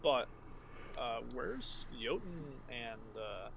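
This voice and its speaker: Bright-voiced male tabletop player. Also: medium pitch, sing-song, extremely slow, vocal fry, slight background noise. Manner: hesitant, stumbling restarts. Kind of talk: tabletop role-play chat.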